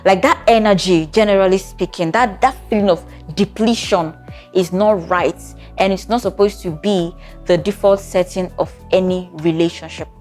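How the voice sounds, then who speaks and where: A woman's voice: lowish voice, moderate pace, darkish tone, faint music behind. A woman, a therapist giving relationship advice to camera in a conversational way, often checking in with the listener. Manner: conversational, with frequent rhetorical check-ins. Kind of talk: talking-to-camera advice video.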